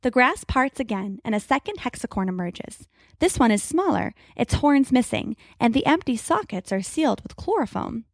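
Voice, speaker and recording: A woman's voice: on the high side, no echo, studio quality. A woman storyteller giving a vivid, dramatic scripted narration of an adventure story.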